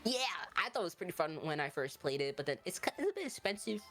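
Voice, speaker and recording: A woman's voice: low-pitched, sing-song, fast talker, soft background music. A woman guest streamer chatting casually in an interview, rambling and giggly with lots of likes and ums.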